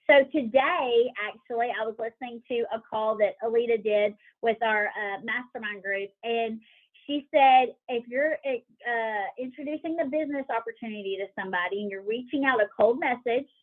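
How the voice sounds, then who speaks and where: A woman's voice: fairly high pitch, normal speed. Upbeat woman leading a team call, tinny line. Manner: animated, acts out inner voices, asks the group questions. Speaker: team leader coaching a sales team. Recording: tinny phone-like call audio.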